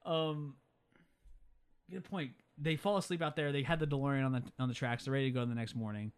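A man's voice: mid-range voice, steady tone, fairly quick, clean tone. A young man in casual chat, retelling a film scene by scene and quoting characters in changing voices. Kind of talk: casual movie recap chat.

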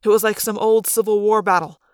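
A woman reading a first-person audiobook aloud in an expressive, dramatic way. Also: medium pitch, a little fast, clean tone, dry recording, clean studio sound. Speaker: audiobook reader.

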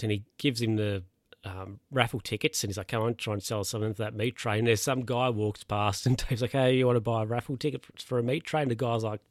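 A man's voice: mid-range voice, dry recording, clean studio sound. A young man casually retelling a film's plot, rambling, chuckling and losing his place to check his notes. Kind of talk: casual film recap.

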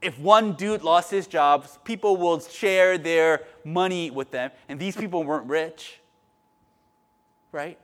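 A middle-aged man preaches a sermon in a chatty, conversational way, with a voice pitched a bit high for a man. He keeps checking in with "right?", drops to soft asides, then climbs into loud, emphatic stretches. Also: slow. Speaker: pastor.

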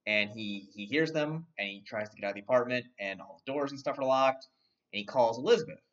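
A man with a mid-range voice casually recaps a film's plot, talking fast and rambling with many fillers and restarts. He is not from London. The recording sounds dull, as if from a distant mic.

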